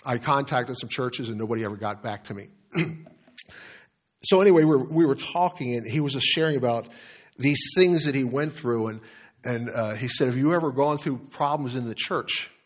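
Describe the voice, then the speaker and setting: A man's voice: medium pitch, normal speed. A man, a pastor, preaching a sermon in a candid, conversational storytelling manner, often restarting phrases, then reading scripture aloud.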